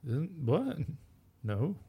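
A man's voice: a little high, wildly swooping pitch, drawn-out words, warm tone, husky. A young man co-hosting a casual podcast chat, making dry, wry asides with many ums. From New Zealand. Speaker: podcast co-host.

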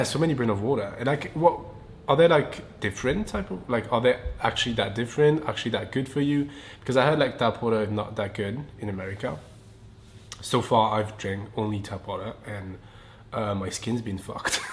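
A man's voice: mid-range voice, slight background noise. A man with a French accent, hosting a solo podcast and chatting casually, swearing freely, laughing often and drifting onto tangents. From France. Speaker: podcast host. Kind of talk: rambling solo podcast chat.

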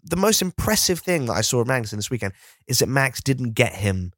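A man's voice: mid-range voice, big pitch swings, brisk, no echo, studio quality. A man co-hosting a podcast, chatting casually and telling rambling, jokey stories with some swearing. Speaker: podcast co-host. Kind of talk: casual comic chat.

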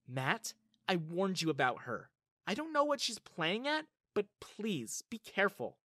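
A woman voicing a blunt, protective young woman with a sharp, scoffing way of talking. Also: mid-range voice, sing-song, a little slow, no echo, studio quality, pitched above the performer's own voice. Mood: warning.

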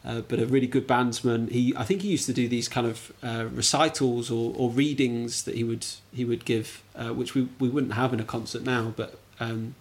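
A man's voice: medium pitch, steady tone, normal speed, few pauses. Laid-back English man, self-deprecating. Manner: self-deprecating, laughs easily, hesitant fillers. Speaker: podcast guest, bandmaster. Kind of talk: casual interview chat.

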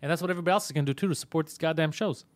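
A male comedian hosting a casual live stream, loud and profane, mock-bullying his co-host. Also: on the high side, racing, dry recording.

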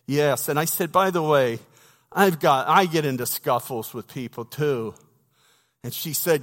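A man's voice: a little high, unhurried, a bit bright. A man preaching a sermon, telling a folksy story with humorous asides to his congregation. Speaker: pastor. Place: church sanctuary. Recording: long reverb of a church hall.

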